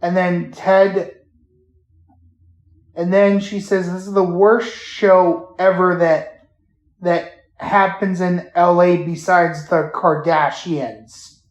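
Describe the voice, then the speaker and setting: A man hosting a casual podcast, retelling a show haltingly with many fillers and restarts. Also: high-pitched, flat delivery, dull audio. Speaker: podcast host. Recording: roomy echo.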